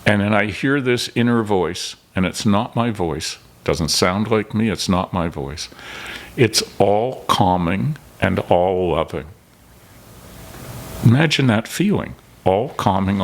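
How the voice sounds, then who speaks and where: A man's voice: lowish voice, unhurried. An older man from Canada, a filmmaker and podcast guest, telling stories animatedly and acting out the dialogue. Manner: animated storyteller, acts out dialogue. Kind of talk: storytelling in casual interview.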